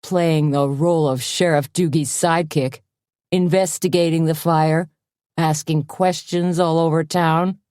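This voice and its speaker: A woman's voice: deep voice, steady tone, a little slow, darkish tone, no room sound, studio quality. A woman voicing a drunk, menacing man at a bar, barking threats.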